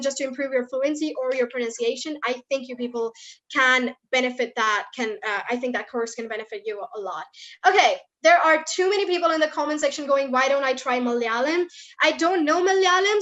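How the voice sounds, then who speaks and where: A woman's voice: sits high, fairly bright tone, lo-fi sound. A young woman from India giving a chatty, upbeat talk on a video call as an accent coach, with lots of fillers. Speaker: accent coach guest speaker. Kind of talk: live online talk.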